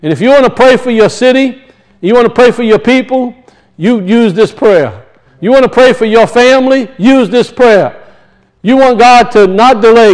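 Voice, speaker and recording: A man with a high-pitched voice preaching a sermon. He speaks emphatically, repeats his key points, and calls out to his congregation for a response. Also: moderate pace, low-quality recording. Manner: emphatic and repetitive, calling out to the congregation.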